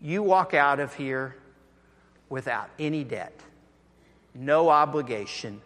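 A man preaching a sermon in a conversational, deliberate way, going soft for emphasis. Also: medium pitch, expressive, in a large hall. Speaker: pastor.

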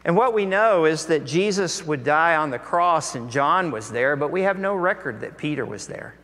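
A man preaching a sermon, telling a Bible story in an animated way and acting out the voices of its people. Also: fairly high pitch, moderate pace. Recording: long hall reverb.

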